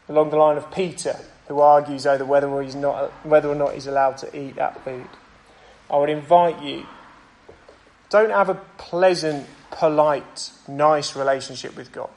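A young man preaching a sermon and praying, earnest and conversational, with pauses and small restarts. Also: fairly high pitch, steady tone, darkish tone, poor audio. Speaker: pastor. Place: church.

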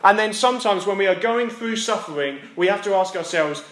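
A man's voice: high voice, brisk, hardly any pauses, a bit bright. A young man, a lay preacher who teaches physics, giving an earnest sermon that repeats its key lines for emphasis. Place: church hall. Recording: echoey church room.

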